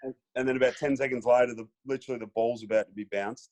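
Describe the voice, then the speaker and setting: A man with an Australian accent, a former footballer telling stories as a podcast guest in a relaxed way, with lots of fillers. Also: medium pitch, fast. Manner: laid-back storyteller, many fillers, acts out quotes. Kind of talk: casual storytelling chat.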